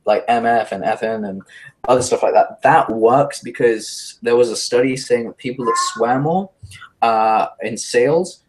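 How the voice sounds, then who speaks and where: A man talking fast and brashly as a guest in a casual interview, animated and self-mocking. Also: mid-range voice, background noise.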